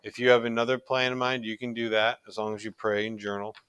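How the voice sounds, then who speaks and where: A man's voice: fairly low pitch, little pitch movement, fast, a bit bright, smooth, dry recording. A middle-aged man teaching a recorded religion class in an earnest, conversational way, often restarting his sentences.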